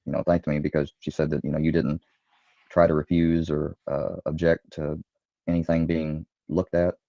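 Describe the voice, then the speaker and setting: A man's voice: very deep voice, level tone, normal speed, vocal fry, dark tone, no room sound. A man hesitantly recounting events, with many ums and restarts, heard from a dull played clip.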